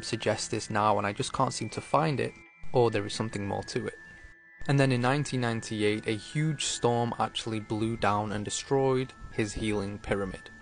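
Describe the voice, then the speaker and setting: A man hosting a video, narrating in a casual, conversational explainer style with rhetorical asides, faint music behind him. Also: mid-range voice.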